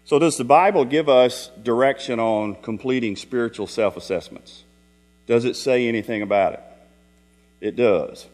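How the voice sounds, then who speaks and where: A man's voice: mid-range voice, normal speed, a little mellow. A middle-aged man gives a Sunday evening sermon, mixing everyday stories with rhetorical questions to the congregation. His voice sits in a middle register. It rings out in a reverberant church hall over a faint electrical hum. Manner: folksy storytelling with rhetorical questions. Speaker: preacher.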